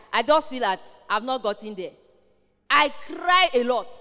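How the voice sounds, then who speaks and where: Woman preaching hard, high bright voice, big church echo. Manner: fervent, emphatic preaching with rising intensity. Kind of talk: sermon. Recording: long hall reverb.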